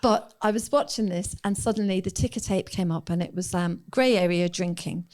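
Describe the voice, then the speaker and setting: A woman's voice: mid-range voice, a little fast, darkish tone. A middle-aged woman from England raised in Ireland, a guest on a podcast, talking frankly and reflectively, and acting out her own past thoughts. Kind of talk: candid podcast conversation.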